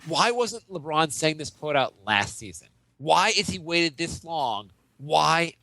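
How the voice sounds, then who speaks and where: A podcast host doing a mock rant as an overheated sports pundit, stammering with theatrical outrage and sarcasm. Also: male voice, fairly high pitch, lively intonation, measured pace, gravelly, pushed and bright, no echo, heavily acted. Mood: outraged.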